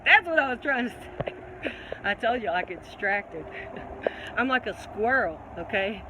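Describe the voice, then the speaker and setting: A woman hosts a casual live-stream Q&A, slightly congested, talking in an animated, preachy way and calling her listeners baby. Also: mid-range voice, measured pace, background noise. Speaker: livestream host answering viewer questions.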